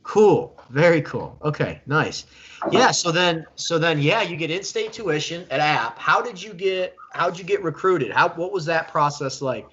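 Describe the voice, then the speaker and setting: A man's voice: a little high, lively intonation, measured pace, fairly bright tone, lo-fi sound, slight background noise. A man hosting a casual live-stream interview, chatty and enthusiastic, often repeating himself. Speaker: host.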